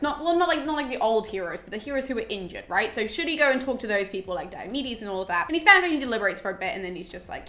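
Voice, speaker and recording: A woman's voice: on the high side, lively intonation, fast talker, few pauses, pushed and bright. Chatty woman in echoey room. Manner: chatty, playful asides and slangy commentary. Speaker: podcast host summarizing a classic. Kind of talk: casual book recap chat.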